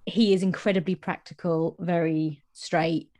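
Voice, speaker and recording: A woman co-hosting a podcast, chatting about a novel in an enthusiastic way, with quick asides. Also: on the low side, steady tone, mellow. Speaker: podcast co-host. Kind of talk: casual book chat.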